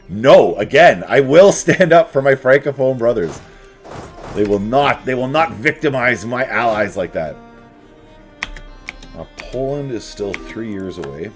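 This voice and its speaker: A man talks through his strategy game in a relaxed, joking way, his pitch bouncing up and down as he reacts. He speaks straight into a desk mic with soft game music underneath. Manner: playful, jokey, talks to the game units. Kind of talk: casual gameplay commentary. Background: faint game music.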